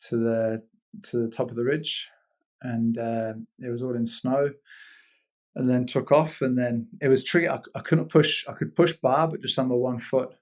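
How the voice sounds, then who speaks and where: A man's voice: mid-range voice, steady tone, moderate pace, darkish tone. A British man telling a rambling story as a guest in a casual interview, laughing often and restarting his sentences. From Britain. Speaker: guest, paraglider.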